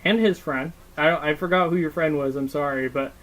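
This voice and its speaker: A young man co-hosting a podcast, telling stories in a loose, casual way. His voice sits a little high, and he swears freely and leans on fillers like "you know" and "like.". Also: fairly quick, a bit bright, low-quality recording. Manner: profane, storytelling with lots of fillers. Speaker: podcast co-host. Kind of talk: casual chat.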